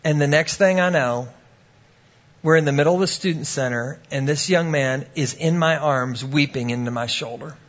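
A man's voice: on the high side, normal speed, dull audio. A man preaching a sermon, telling a personal story and acting out the voices of the people in it. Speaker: pastor.

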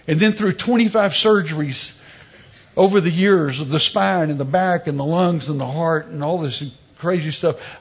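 High, husky-voiced man preaching. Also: highs cut off. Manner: storytelling with humor, emphatic preaching. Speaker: pastor. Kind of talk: sermon.

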